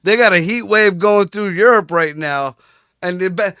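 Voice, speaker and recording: Guy cohosting a podcast, crude jokes and lots of laughs, bright clear voice, dry sound. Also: high voice, moderate pace, dry recording. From Puerto Rico. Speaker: co-host. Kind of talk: crude casual banter. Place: podcast studio.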